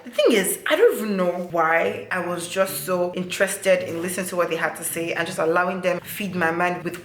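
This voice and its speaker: A woman's voice: on the low side, a little hiss or hum. Young woman, vlogger, chatty storytime delivery, echoey room. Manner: dramatic, exclaiming, keeps asking "you feel me". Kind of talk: casual storytime chat.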